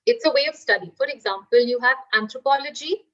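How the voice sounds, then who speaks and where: A woman's voice: fairly high pitch, quick pace, a bit bright, dull audio. A woman teacher giving a live online class, explaining with everyday examples and asking the class questions.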